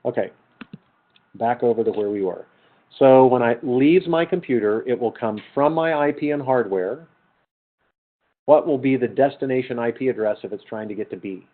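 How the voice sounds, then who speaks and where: A man's voice: medium pitch, moderate pace. A middle-aged man giving a conversational university lecture, quizzing his students with questions and then answering them himself. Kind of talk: classroom lecture. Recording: tinny lo-fi lecture capture.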